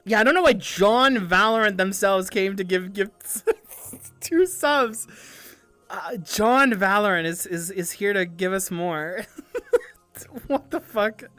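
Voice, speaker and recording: A young woman streamer chatting casually with viewers, animated and giggly, swearing often and stumbling over restarts. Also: mid-range voice, slow, dry recording, faint music behind. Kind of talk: casual livestream chat.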